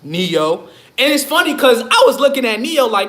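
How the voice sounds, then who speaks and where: A man's voice: very high voice, big pitch swings, moderate pace, sharp tone. A man ranting on his livestream in a loose, profane, rambling way, laughing often. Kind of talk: casual livestream rant. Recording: echoey room.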